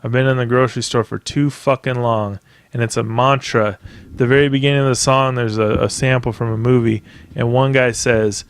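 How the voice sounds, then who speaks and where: A man's voice: mid-range voice, steady tone, moderate pace, clean tone, no echo. A man hosting a podcast by himself, ranting in a casual, rambling way with plenty of profanity and emphatic asides. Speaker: podcast host. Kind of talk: casual solo podcast rant.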